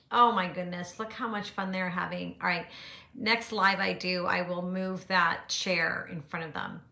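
Middle-aged woman, art teacher hosting a phone live stream from home, bright chatty voice, echoey room. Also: medium pitch, vocal fry. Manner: bubbly and chatty, greets viewers by name, laughs often. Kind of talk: casual live-stream chat. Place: home art studio, indoors. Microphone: phone camera.

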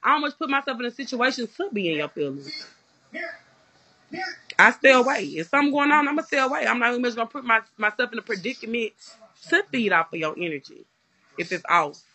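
A woman's voice: fairly high pitch, expressive, fast talker, pushed and bright. A woman vlogger in casual chat, talking bluntly with emphatic outbursts.

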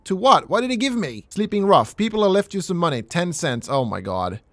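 A man commenting on his own gameplay in a high, bouncing voice. He jokes, swears casually and slips into mock-pleading when he begs. The sound is dry and close. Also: very animated, brisk, fairly bright tone, dry recording. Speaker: gaming channel host. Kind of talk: let's play commentary.

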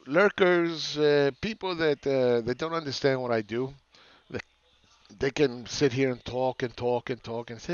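A man's voice: mid-range voice, measured pace, clear, resonant tone, no echo, dull audio. A man ranting as a market commentator, sarcastic and profane, who often repeats words and restarts his phrases.

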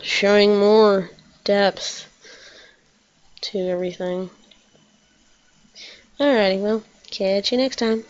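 A woman's voice: mid-range voice, steady tone, slow, pauses often, lo-fi sound. A woman playing through a story game, thinking aloud in a chatty, casual way while reading the dialogue. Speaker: let's play gamer. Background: loud game music.

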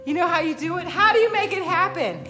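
A woman fitness instructor speaks in a very high, sharp and bright voice. She hosts a live-stream pep talk, repeats her key phrases and calls out viewers by name. Faint music plays in the background. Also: animated, fast. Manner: upbeat and emphatic, tags lines with "right?", repeats phrases.

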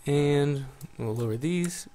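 A man's voice: fairly high pitch, takes it slowly, very noisy. Laid-back man streaming a music-making tutorial. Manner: relaxed, thinks aloud while working, greets chat. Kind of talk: casual live-stream tutorial, chatting with viewers. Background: loud electronic music playing back.

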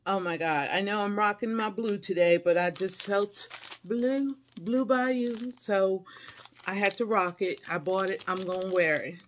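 A woman's voice: medium pitch, measured pace, slight background noise. A middle-aged woman chatting to her viewers as she unboxes a haul, gushing and effusive, breaking into delighted squeals. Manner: chatty, calls viewers y'all and honey. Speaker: haul vlogger. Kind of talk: casual unboxing chat to viewers.

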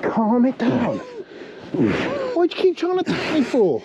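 A man's voice: extremely high pitch, very animated, a little slow, background noise. A man working as a repo agent outdoors, mocking and sarcastic toward the person he is dealing with. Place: outdoor driveway.

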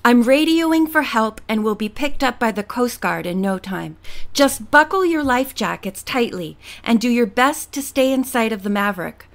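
Woman reading male boat captain, audiobook, urgent, shouting orders, fairly high voice. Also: animated, moderate pace. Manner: urgent, raised voice.

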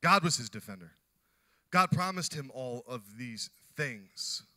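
A man preaching a sermon, animated, acting out the scripture characters as he teaches. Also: medium pitch, measured pace. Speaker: pastor.

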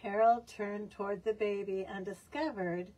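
A woman reading a picture book aloud for young children, expressive and asking them questions. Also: mid-range voice, moderate pace, far from the mic. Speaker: children's storyteller. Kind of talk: storytime read-aloud.

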